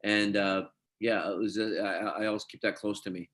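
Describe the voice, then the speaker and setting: A man's voice: on the low side, moderate pace. A middle-aged man from Scotland, an actor telling stories in a casual interview and acting out quoted dialogue. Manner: animated storyteller, quotes others in dialogue. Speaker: actor guest.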